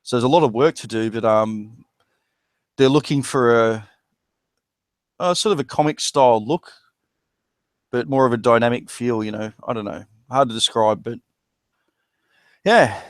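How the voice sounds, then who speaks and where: A man's voice: mid-range voice, moderate pace, long pauses, no room sound. A man with an Australian accent, chatting casually and rambling, with crude jokes. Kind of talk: casual chat.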